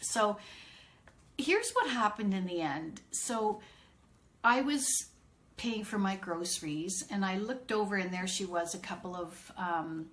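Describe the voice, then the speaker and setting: A woman's voice: medium pitch, lively intonation, a little slow, a bit bright. A middle-aged woman, an autism consultant, telling a chatty story on a live stream and greeting viewers by name.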